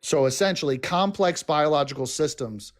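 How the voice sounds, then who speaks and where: A man's voice: on the high side, normal speed. A man calling into a debate stream, confident and argumentative as he explains his view. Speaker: caller. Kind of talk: casual debate.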